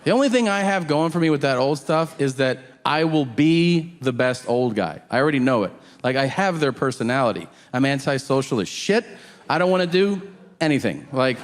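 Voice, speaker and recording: A man doing a stand-up set with a deadpan, profane delivery, slipping into quick voices for the people in his stories. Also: a little high. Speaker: stand-up comedian. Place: theater stage before a laughing audience. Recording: long hall reverb, audience noise.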